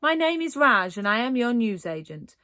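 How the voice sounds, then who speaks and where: A jittery, timid newsagent, as a woman reader voices him frets in nervous rushes of words. His voice rises and falls with a lot of movement. The storybook sound is close and dry. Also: on the high side, sing-song, bright, forceful tone, dry recording, voice pushed up. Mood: earnest. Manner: nervous and fretful, talks in anxious rushes. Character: jittery, timid male newsagent, middle-aged. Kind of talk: storybook reading.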